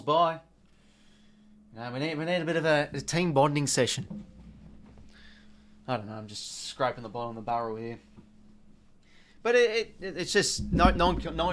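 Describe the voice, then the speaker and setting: A man's voice: medium pitch, slight background noise. Exasperated Australian man on a watch-along. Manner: exasperated, rambling, swears casually, reads out viewer donations. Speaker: host of a live football watch-along. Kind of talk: casual live watch-along commentary.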